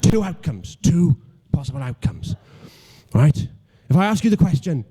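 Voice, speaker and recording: Stammering young Welsh stand-up comic. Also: male voice, fairly high pitch, lively intonation, moderate pace, mellow, breathy edge. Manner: self-deprecating, stammering restarts, mock-logical. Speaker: stand-up comedian. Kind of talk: stand-up comedy routine.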